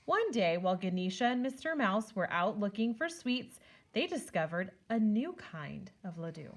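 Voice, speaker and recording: A woman on a school's staff reads a children's picture book aloud, telling the story expressively in a mid-range voice at a moderate pace.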